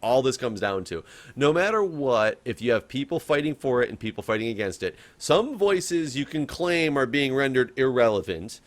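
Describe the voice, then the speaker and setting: A young man co-hosting a podcast in a loose, casual chat. His pitch swings widely as he gets animated, and he often stops to correct himself and laughs along the way. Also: normal speed, hardly any pauses. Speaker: podcast co-host.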